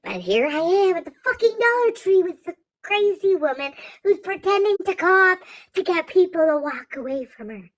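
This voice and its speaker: A young woman vlogger telling a funny story, exasperated and swearing freely in rapid rants. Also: extremely high pitch, big pitch swings, rough recording. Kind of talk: comic storytelling.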